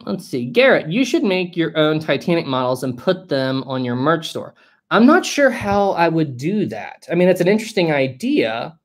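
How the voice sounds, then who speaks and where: Lively West Virginian man chatting. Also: fairly high pitch, normal speed. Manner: casual, reads viewer questions aloud and answers chattily. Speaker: history channel host. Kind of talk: live-stream chat Q&A.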